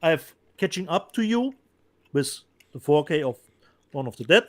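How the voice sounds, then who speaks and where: Halting man co-hosting. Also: a little high, very animated. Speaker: co-host. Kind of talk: casual chat about disc releases.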